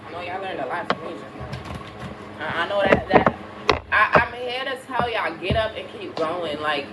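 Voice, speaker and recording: A woman's voice: lowish voice, expressive, moderate pace, loud music behind the voice. A woman with a Caribbean accent, a spiritual reader chatting bluntly and preachily to her viewers, repeating herself. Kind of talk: casual spiritual chat to viewers. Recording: roomy, far from mic, loud background noise.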